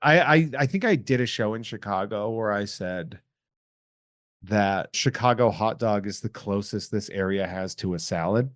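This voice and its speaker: A man's voice: lowish voice, normal speed, dry recording. Joking male podcast host, dry sound. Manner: rambling, jokey, self-deprecating. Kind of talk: casual chat.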